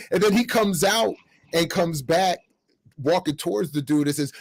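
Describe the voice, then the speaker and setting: A man's voice: sits high, slow pace, creaky, long pauses. A middle-aged man hosting a podcast, telling a story in a casual way and acting out what people said. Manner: animated, acts out quotes while telling stories. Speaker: podcast host.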